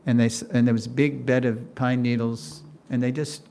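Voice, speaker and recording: A gravelly older man tells a story to a class. He talks in an animated way, acts out what people said, and laughs as he goes. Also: mid-range voice, moderate pace, a little hiss or hum. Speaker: lecturer. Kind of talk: storytelling lecture.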